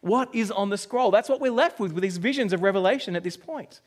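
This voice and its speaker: A man's voice: sits high, a little fast. An Australian man in his forties preaching a sermon, telling a personal story and acting out his own reactions. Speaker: pastor.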